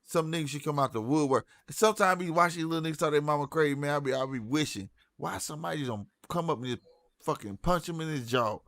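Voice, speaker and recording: A man in his forties with a somewhat high voice, recorded close and dry with no room sound. He talks bluntly and curses freely as he tells stories in relaxed podcast chat. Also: fast, dry recording. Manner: blunt, profane storytelling.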